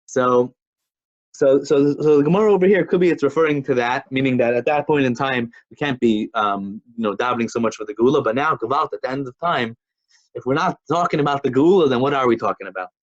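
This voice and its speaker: Speaking quickly in a medium pitch, a Torah teacher holds an informal class, though the audio is muffled. His delivery is chatty and full of restarts and fillers as he shares stories.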